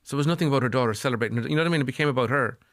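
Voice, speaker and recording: A man's voice: medium pitch, rapid-fire, a bit bright, dry recording, studio quality. A middle-aged Irish man speaking as a psychotherapist guest on a podcast, earnest and repeating phrases for emphasis. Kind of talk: podcast interview.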